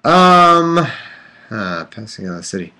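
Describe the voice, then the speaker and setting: Bright-voiced man, joking Bible reading. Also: medium pitch, very animated, a little slow. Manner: irreverent, joking asides between scripture passages; rambling with many fillers and restarts. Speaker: podcast host reading the Bible aloud. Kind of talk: casual livestream commentary and reading.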